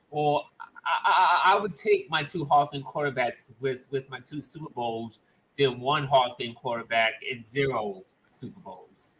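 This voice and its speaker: A young man co-hosting a casual sports talk livestream, halting and stammering with many restarts. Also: mid-range voice, a bit bright, rough recording.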